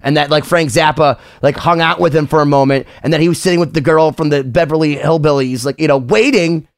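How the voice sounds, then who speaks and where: A high-pitched man hosting a casual podcast chat. He rambles with enthusiasm, restarts his sentences and swears freely, gushing over his guest. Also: steady tone, fairly quick. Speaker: podcast host.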